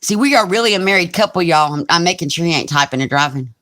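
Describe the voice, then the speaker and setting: A woman's voice: on the low side, lively intonation, quick pace, a bit bright. A woman in her forties with a Southern US accent, chatting casually on a crafting live stream and reading comments aloud. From Alabama, US. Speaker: crafting channel host.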